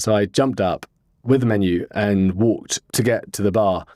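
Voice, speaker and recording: A man with a fairly low voice talks through a personal story as a podcast guest. He rambles earnestly, filling gaps with ums and restarts. The sound is dry and close. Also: a little mellow, no echo. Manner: earnest, rambling, with many pauses and fillers. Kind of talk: casual interview storytelling.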